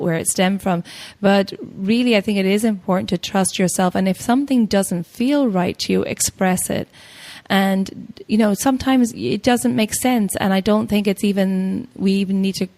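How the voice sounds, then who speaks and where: A woman hosting a podcast, encouraging her guest and talking through advice in a relaxed conversational way. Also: mid-range voice. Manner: supportive, encouraging, lots of small agreeing sounds. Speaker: podcast host.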